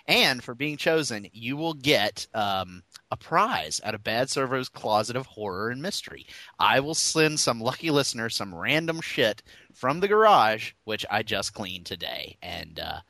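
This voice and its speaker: A man hosting a casual podcast, cracking loud jokes and telling stories with animated energy. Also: medium pitch, measured pace, no echo. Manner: loud, joking, animated storyteller. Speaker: podcast host.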